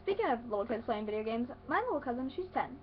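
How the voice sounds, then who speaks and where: A woman's voice: fairly high pitch, very animated, fast, highs cut off, slight background noise. A teenage girl vlogging in a sarcastic, rambling way, talking into a webcam. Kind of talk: casual vlog rant.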